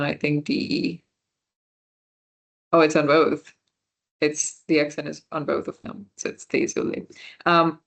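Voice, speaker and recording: A woman teaches a small beginner class over a computer mic. Her voice sits low and she takes her time. She talks in a chatty, informal way, answering students' messages and fixing her own slips as she goes. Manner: chatty, self-correcting, reads out chat answers. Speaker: volunteer French workshop teacher. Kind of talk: casual online class teaching.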